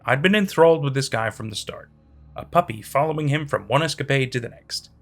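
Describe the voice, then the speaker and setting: A man narrating a horror story in a dramatic, expressive reading. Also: mid-range voice, fairly quick. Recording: faint background music.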